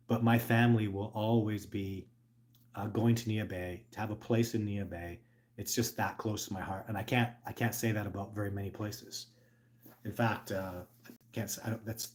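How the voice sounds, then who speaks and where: A middle-aged man hosting a casual livestream, talking earnestly and rambling, with lots of restarts and filler words. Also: fairly low pitch. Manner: bursts into loud excited put-on exclamations. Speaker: host.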